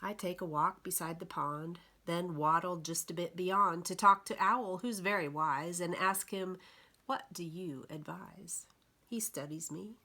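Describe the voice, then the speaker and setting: A woman librarian reading picture books aloud to young children, gentle and expressive. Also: lowish voice, measured pace, few pauses. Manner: gentle, expressive storyteller for toddlers.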